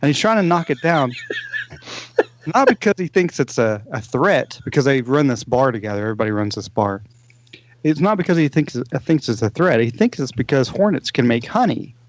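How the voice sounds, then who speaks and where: A man's voice: medium pitch, animated, moderate pace, dull audio. A man on a casual podcast, rambling through plot retellings with lots of fillers and restarts. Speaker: podcast co-host. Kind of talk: casual movie podcast chat.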